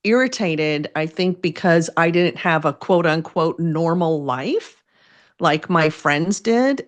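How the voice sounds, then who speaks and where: A middle-aged woman, a therapist and first responder spouse, speaking openly and emotionally in an interview, with self-deprecating humor. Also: on the low side. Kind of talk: candid interview conversation.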